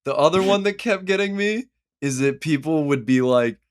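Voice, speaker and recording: Young guy co-host, kinda high voice, jokey and playful, on a call. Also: lively intonation, normal speed. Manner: playful, chimes in with jokes and agreement. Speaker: podcast co-host. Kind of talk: casual chat.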